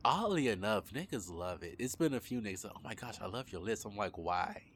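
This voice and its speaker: A man's voice: expressive, fairly quick, a little hiss or hum. A man from Maryland with a slight lisp and a light Maryland accent, co-hosting a casual podcast in playful banter. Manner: playful, jumps high when surprised. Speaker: podcast host.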